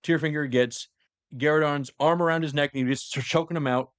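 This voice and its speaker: A man's voice: on the high side, fairly even intonation, a little fast, smooth, dry recording, studio quality. A man hosting a podcast, casually retelling a story in a rambling way, with lots of "like" and restarts. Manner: rambling storyteller, heavy use of "like", many restarts. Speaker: podcast host. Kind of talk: casual lore recap chat.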